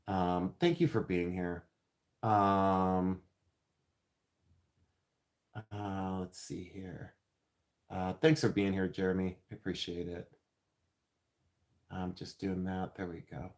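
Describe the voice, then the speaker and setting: A man's voice: deep voice, slow pace, long pauses. A man hosting a livestream from his jewelry studio, chatting effusively with viewers, laughing often and thanking them. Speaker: silversmith livestream host. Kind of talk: casual livestream chat with viewers.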